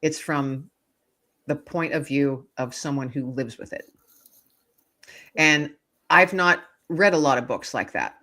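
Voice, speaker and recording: A woman author chatting as a guest, her voice pitched low but bright and forceful. She tells stories with lots of energy, acting out the voices and laughing along with them. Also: slow pace, long pauses. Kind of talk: casual storytelling interview.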